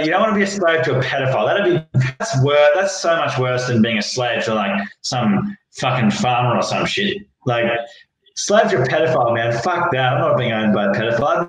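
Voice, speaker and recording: A young Australian man, a guest in a casual political chat, rambling excitably and swearing. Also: medium pitch, a little hiss or hum. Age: young adult. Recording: very echoey room.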